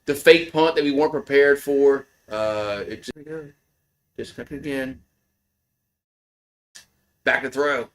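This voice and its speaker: A man hosting live fan play-by-play speaks at a medium pitch and a slightly slow pace. He's excitable and swears a lot, alternating grumbled asides with shouted calls on big plays.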